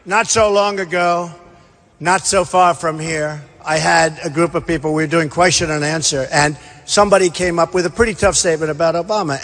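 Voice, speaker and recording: A man with a high-pitched voice gives a boastful, repetitive campaign rally speech and drives his points home with blunt emphasis. His voice rings through a large hall with a long reverb tail. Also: fairly bright tone. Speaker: political candidate at a rally. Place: large indoor rally venue.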